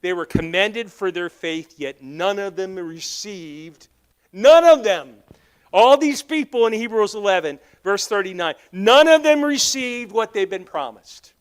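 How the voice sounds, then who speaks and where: A Southern-accented pastor delivers his sermon from the church sanctuary, his high-pitched male voice smooth, animated and unhurried. Along the way he spins stories, performs the characters' lines, and pokes fun at people in the pews by name.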